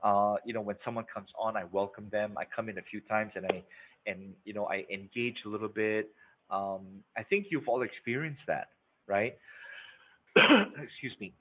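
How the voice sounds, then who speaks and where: Over narrow, phone-like webinar audio with a little hiss or hum, a man runs a live sales-training session. His fairly low voice keeps a moderate pace as he speaks emphatically, repeats words and checks in with "okay?" and "right?".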